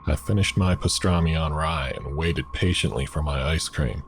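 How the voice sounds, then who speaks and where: A man narrating a horror story in a measured, deliberate scripted reading. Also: extremely low pitch, a little hiss or hum.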